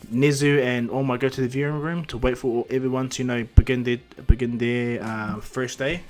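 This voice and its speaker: A man's voice: mid-range voice, little pitch movement, normal speed, hardly any pauses, a little mellow, soft background music. Rambling casual male storyteller. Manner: casual, rambling, many fillers. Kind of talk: improvised fan-fiction narration.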